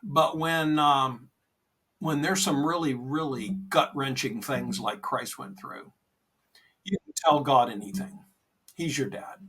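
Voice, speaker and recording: A man co-hosting a podcast, talking about faith in an earnest, gentle, reassuring way, often saying "you know". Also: medium pitch, slow pace, slightly rough, distant mic. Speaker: podcast co-host. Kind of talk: conversational faith talk.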